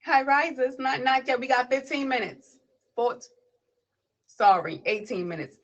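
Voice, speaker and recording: A woman's voice: high voice, unhurried, highs cut off. A woman hosting a poetry livestream who reads a spoken word piece and then chats casually, greeting viewers and people passing by name. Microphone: tablet device.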